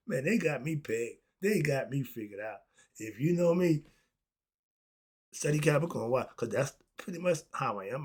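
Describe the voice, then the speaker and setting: A man's voice: mid-range voice, a bit bright, breathy edge. A man, delivering an emphatic, casual monologue full of rhetorical questions and short laughs. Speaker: philosophy vlogger.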